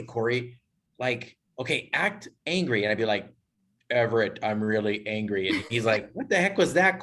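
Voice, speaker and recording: Man, podcast co-host, husky voice, lively swooping pitch, animated storyteller. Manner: animated storyteller, acts out quotes. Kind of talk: casual group chat.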